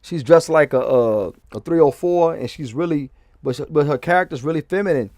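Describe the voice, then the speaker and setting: A man's voice: a little high, a little fast, darkish tone, dry recording. Rambling man in a dry close recording. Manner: rambling with restarts, often asking "okay?". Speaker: vlogger. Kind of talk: casual commentary.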